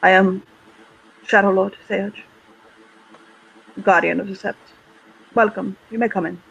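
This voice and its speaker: A reserved, measured werewolf guardian with a German accent and a high-pitched voice, as a man puts him on. The sound is a little dull and lo-fi. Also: fairly even intonation, creaky, a bit bright, a little hiss or hum, heavily acted. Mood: reserved welcome.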